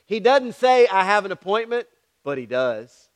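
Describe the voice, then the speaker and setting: Guy preaching, clear high voice, tells stories and keeps going "all right?" at the crowd. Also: very animated, moderate pace. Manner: storytelling with frequent "all right?" asides to the congregation; acts out voices in his stories. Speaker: pastor. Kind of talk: sermon.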